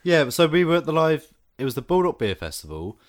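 A man's voice: a little high, big pitch swings, brisk, no echo, clean studio sound. A man hosting a podcast, chatting playfully and laughing often, then reading his film review. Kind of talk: casual chat and scripted film review.

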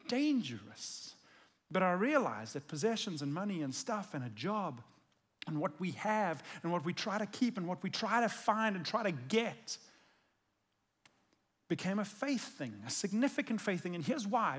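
A man's voice: high-pitched, a bit bright. A male pastor giving a conversational sermon, earnest and emphatic as he tells a personal story.

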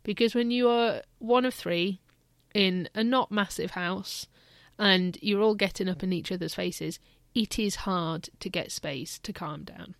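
A woman's voice: medium pitch, measured pace, dry recording, clean studio sound. A woman and mother telling a candid, reflective personal story in a casual parenting vlog.

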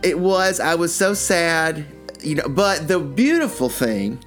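An older man co-hosting a podcast, telling stories in a rambling, animated way with many restarts. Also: on the high side, a little slow, faint music behind. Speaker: podcast co-host. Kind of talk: casual chat.

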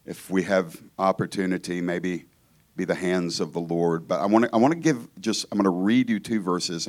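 Man, from Georgia, guest preacher in a church, lowish voice, casual joking sermon. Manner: conversational, joking, self-interrupting. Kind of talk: informal sermon.

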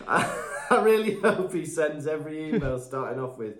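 A man co-hosting a podcast in casual chat, jokey and quick to laugh, making up mock quotes. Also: a little high, very animated. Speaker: podcast co-host. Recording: roomy echo.

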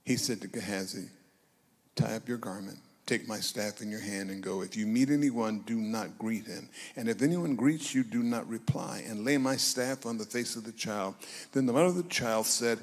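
In a large hall with long reverb, an octogenarian man delivers a sermon at normal speed in a somewhat low voice. His storytelling is spirited as he recounts a scriptural tale, voices the quotes, and calls on the congregation for a response.

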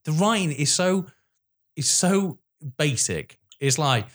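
A man's voice: fairly high pitch, animated, slow, fairly bright tone. A man co-hosting a casual film podcast, enthusiastic and swearing freely as he retells favourite scenes. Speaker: podcast co-host.

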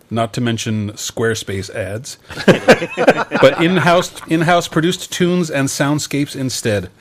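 A man born in England co-hosting a podcast, chatty and joking as he reads listener letters aloud. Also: mid-range voice. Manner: chatty, joking, laughs while reading. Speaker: podcast co-host. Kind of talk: casual chat, reading listener letters.

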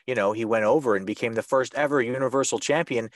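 A man hosting a casual podcast chat, swearing often and pausing with many ums. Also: mid-range voice, no room sound, clean studio sound. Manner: profane, hesitant, with many ums.

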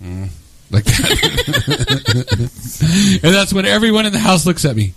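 A man co-hosting a radio show, telling animated stories, laughing often and acting out both sides of a quarrel. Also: sits high, slow. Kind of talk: casual radio banter.

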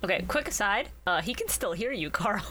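A woman's voice: mid-range voice, lively intonation, a little fast, bright, forceful tone, faint music behind. A woman co-hosting a podcast, joking and swearing in casual banter, laughing often. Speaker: podcast co-host.

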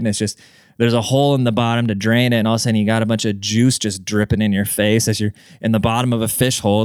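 A man's voice: fairly low pitch, clear, resonant tone, no room sound, clean studio sound. A young man hosting a podcast, telling a rambling, profane story in a loose casual monologue. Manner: rambling and profane, with frequent restarts and "dude". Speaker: podcast host.

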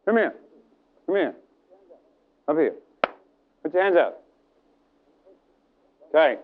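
A high-voiced male preacher who delivers a lively, dramatic sermon and acts out scenes with his listeners. The recording is thin and tinny, like an old phone line. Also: takes it slowly.

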